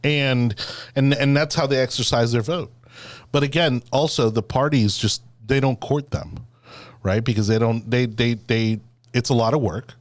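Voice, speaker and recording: A man hosts a loose political talk show, circling his points with "you know" and plenty of restarts. His voice sits at an ordinary pitch and sounds dry and close, with no room around it. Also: fairly even intonation, normal speed, dry recording. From Florida. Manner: rambling, many fillers and restarts. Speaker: podcast host. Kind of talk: casual political chat.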